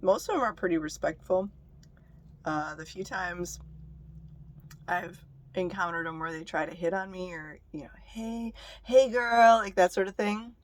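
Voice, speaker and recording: A woman's voice: on the low side, normal speed, long pauses, slight background noise. A young woman vlogger telling stories to the camera in a blunt, profane, casual way. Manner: blunt and profane, laughing between remarks.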